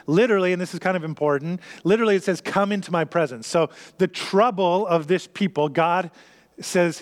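Brief: male pastor, high voice, earnest sermon with repetition, long hall reverb. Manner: earnest, repetitive preaching with slowed emphasis.

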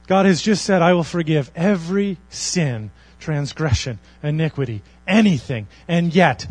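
A man preaching a sermon as a pastor, earnest, swinging between loud emphasis and quiet intensity. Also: on the high side, expressive, moderate pace, few pauses, no room sound.

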